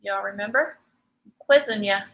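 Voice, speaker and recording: A middle-aged woman leads a live painting lesson in a bright, forceful voice. She chats easily and teases her viewers, laughing often between steps. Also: mid-range voice, normal speed, low-quality recording. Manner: chatty, teasing, laughs often. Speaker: painting teacher. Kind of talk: live painting tutorial chat.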